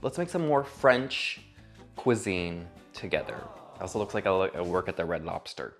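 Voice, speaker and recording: A man's voice: sits low, very animated, moderate pace. A man hosting a comedic cooking vlog in his home kitchen, sarcastic and profane, with theatrical asides. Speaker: cooking vlogger. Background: faint music.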